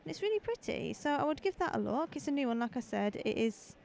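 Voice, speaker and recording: A high-voiced woman hosts a live podcast while strolling between outdoor stalls. She talks into a handheld mic in a chatty, rambling way and keeps throwing in friendly asides. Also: big pitch swings, fairly quick, gravelly, a little mellow. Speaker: podcast host. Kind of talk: casual live walkabout podcast. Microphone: handheld microphone.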